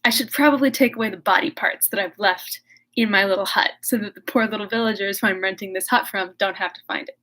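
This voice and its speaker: A woman's voice: medium pitch, fast, fairly bright tone, close to an everyday voice. A woman voicing a moody, self-pitying young male scientist in a melodramatic, whiny way.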